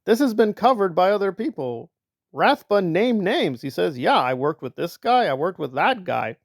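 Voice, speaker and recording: A man's voice: high voice, very animated, normal speed, dry recording. Dry, sarcastic male commentator. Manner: sarcastic, mocking impressions of others. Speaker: commentary channel host. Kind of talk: reaction commentary.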